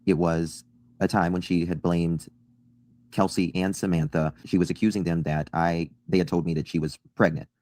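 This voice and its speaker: A man calmly and insistently reading out an email he sent, correcting claims about himself. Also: sits low, normal speed.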